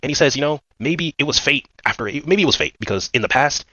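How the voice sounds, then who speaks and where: Dude rattling off a manga recap super fast, lots of likes and mans, kinda dull lo-fi mic. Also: male voice, mid-range voice, lively intonation, bright, forceful tone, breathy edge, no room sound. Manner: rambling, filler-heavy, slangy. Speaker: manga commentator. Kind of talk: casual chapter recap commentary.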